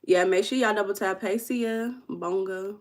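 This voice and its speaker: A woman's voice: mid-range voice, moderate pace. Chatty Midwestern woman hosting a livestream. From Midwest, United States. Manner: chatty, playful, teasing, calls out names from the chat. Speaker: live stream host. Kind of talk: casual livestream chat, reading the chat aloud. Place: home room.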